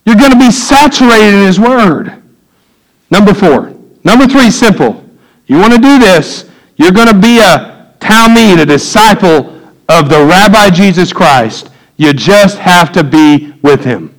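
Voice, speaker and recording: A man, preaching a sermon in a church, swinging from loud emphatic peaks to low quiet asides. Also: lively intonation, a little slow, rough recording. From United States. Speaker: pastor. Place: church sanctuary.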